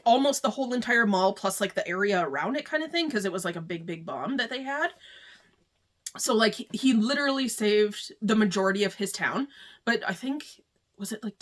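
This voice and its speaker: A woman with a medium-pitched, fairly bright voice gives a casual book review. She rambles in a chatty way, full of filler words, and says "like" a lot.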